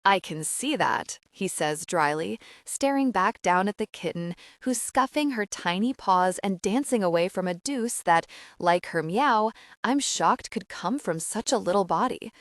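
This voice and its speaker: A woman reading a first-person audiobook with expressive, lively narration. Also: medium pitch, unhurried, few pauses, no room sound, studio quality.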